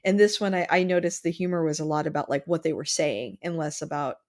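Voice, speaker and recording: Lady podcast host rambling casual, lots of um and like, lower voice. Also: darkish tone. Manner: chatty, halting, lots of fillers and restarts. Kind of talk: casual chat.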